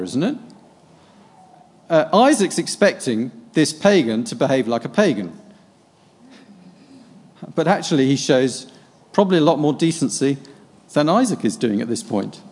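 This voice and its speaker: A man's voice: mid-range voice, darkish tone, breathy edge. Musing man in a reverberant hall. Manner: reads scripture aloud, then muses on it with pauses and fillers. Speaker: preacher preparing a sermon. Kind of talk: thinking aloud through a Bible passage.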